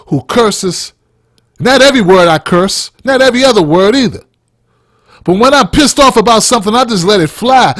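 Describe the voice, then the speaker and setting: A man's voice: high-pitched, a bit bright, no room sound, clean studio sound. A man hosting a podcast, delivering a heated, blunt opinion rant full of swearing. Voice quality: blunt, heated, heavy cursing. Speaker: podcast host.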